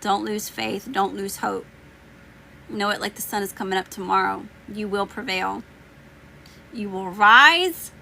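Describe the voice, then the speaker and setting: A woman's voice: medium pitch, a little slow, vocal fry, sharp tone, slight background noise. A woman tarot reader chatting casually with viewers on a live stream, teasing, laughing and slangy, with her voice a bit worn as she loses it. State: losing her voice. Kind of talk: casual livestream chat answering viewers.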